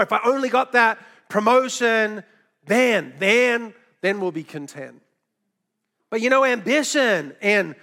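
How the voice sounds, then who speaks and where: A middle-aged man preaching with a high, bright voice and a gravelly edge. He tells stories in a loose, chatty way, breaking off for quick asides and little laughs. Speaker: pastor. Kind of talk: sermon.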